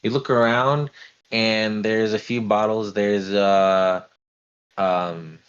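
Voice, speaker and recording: Low-voiced game master, halting narration. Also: male voice, clear, resonant tone. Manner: relaxed, halting, many fillers. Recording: dull lo-fi stream audio.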